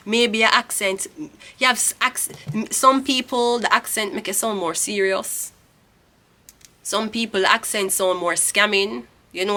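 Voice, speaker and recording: A woman's voice: mid-range voice, bright, forceful tone. A woman with a Jamaican accent, a tarot reader giving a blunt, profane, rambling monologue. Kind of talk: casual monologue.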